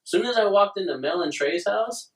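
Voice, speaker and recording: A man's voice: high voice, expressive, brisk. A young man hosting a podcast, telling an embarrassing story in casual, profane chat with frequent laughs. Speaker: podcast host. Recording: roomy, distant mic.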